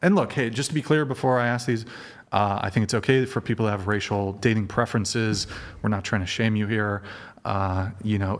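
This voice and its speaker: A man hosting a provocative panel chat, crude and joking, often restarting his sentences. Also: fairly low pitch. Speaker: host.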